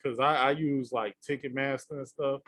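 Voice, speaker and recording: A man co-hosting a podcast in casual chat, telling stories in an animated way and acting out his own reactions. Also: mid-range voice, moderate pace, slight background noise. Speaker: podcast co-host.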